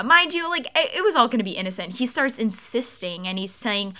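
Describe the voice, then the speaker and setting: A young woman in her twenties, co-hosting a podcast and telling a story in a casual, animated way with frequent laughs. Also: fairly high pitch, normal speed. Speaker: podcast co-host.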